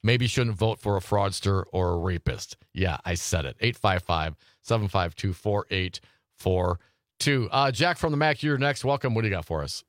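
A male radio talk show host taking calls, who gets louder and faster when fired up. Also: low voice, expressive, dry recording, studio quality. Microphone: studio mic.

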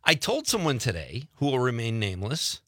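A man's voice: medium pitch, a little fast, no echo, clean studio sound. A man with a Wisconsin accent hosting a casual radio talk show, reading listener messages and telling jokey stories. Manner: animated, jokey storytelling.

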